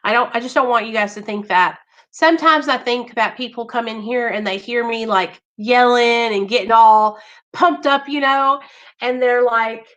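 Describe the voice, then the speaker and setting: An earnest woman chatting straight to her viewers on a livestream. Her voice sits a little high and sounds bright and forward, and she leans hard on the words she cares about. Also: moderate pace, poor audio. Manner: talks straight to viewers, reads chat names, earnest and emphatic. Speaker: livestream host. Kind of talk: casual livestream chat with viewers.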